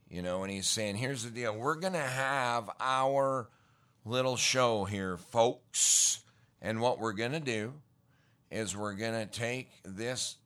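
Middle-aged male preacher, deep unhurried delivery, folksy sermon with emphatic peaks. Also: a bit bright. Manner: folksy, slangy storytelling with rising emphatic bursts. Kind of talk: casual sermon.

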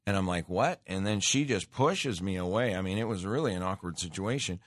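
A man with a deep, low voice talks through a loose, rambling studio monologue as a show host. He doubles back and restarts often. The sound is close and dry, with no room around it. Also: brisk, dry recording. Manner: rambling, conversational, with frequent restarts and filler. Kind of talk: casual radio monologue. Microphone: studio microphone.

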